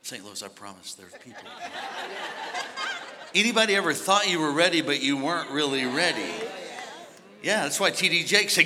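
A man preaching a sermon as pastor, moving between hushed storytelling and shouted exhortation. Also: on the high side, lively intonation, normal speed, pauses often, in a large hall, crowd noise. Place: large church.

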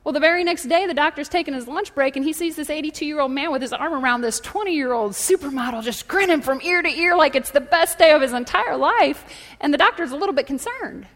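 A woman pastor preaching a sermon, telling stories with lively asides and calling out to the congregation in a church. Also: sits high, fairly quick. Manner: animated storytelling with audience call-outs. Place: church hall. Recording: echoey hall.

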